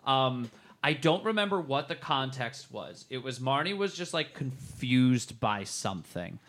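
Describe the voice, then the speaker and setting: A man's voice: mid-range voice, very animated, measured pace, a bit bright. A man co-hosting a casual movie review podcast, loose and joking, laughing often. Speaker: podcast co-host.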